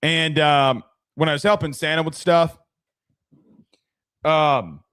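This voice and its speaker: A man's voice: on the high side, steady tone, takes it slowly, a bit bright, smooth, no echo, studio quality. A young man hosting a casual sports talk stream, chatty, thanking viewers and often restarting his sentences. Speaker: sports podcast host.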